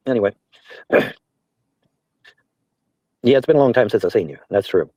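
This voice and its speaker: A man's voice: on the low side, animated, moderate pace, long pauses, no echo. A man livestreaming, reading comments aloud and answering them with profane, mocking jabs. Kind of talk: casual livestream rant. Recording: dull, dry lo-fi stream audio.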